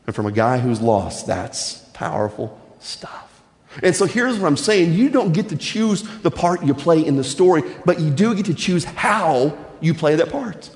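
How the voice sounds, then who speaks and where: A man preaching a sermon as a pastor, animated and dropping his voice low for emphasis. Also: unhurried. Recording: echoey hall with long reverb.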